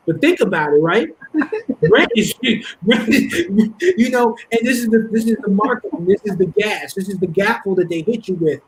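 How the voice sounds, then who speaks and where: Husky-voiced animated New man. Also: sits high, rough recording. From Harlem, New York. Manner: animated storytelling, laughing often. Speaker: guest. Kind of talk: casual podcast chat.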